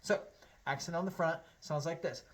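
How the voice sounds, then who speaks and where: A man's voice: on the high side, moderate pace, very noisy. A man teaching a harmonica lesson, explaining step by step in a friendly way and counting beats aloud. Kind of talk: online music lesson.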